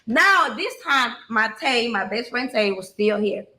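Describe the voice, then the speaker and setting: A woman's voice: a little high, animated, measured pace, sharp tone, echoey room. A woman telling her own story bluntly and emotionally, swearing freely and talking straight to her listeners.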